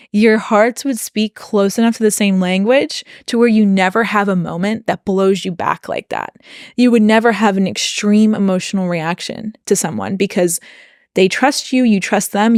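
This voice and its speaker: An earnest young woman recounts a personal story on a podcast, speaking openly and with feeling. Her voice sits at an ordinary middle pitch for a woman. The recording is dry and close, with no room echo. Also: normal speed. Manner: earnest, emotionally open, animated retelling. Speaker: podcast co-host.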